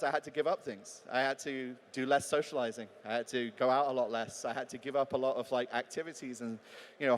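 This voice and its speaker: A man giving a live talk as a voice actor, chatty and joking, acting out example readings. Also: medium pitch. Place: large talk venue. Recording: long hall reverb.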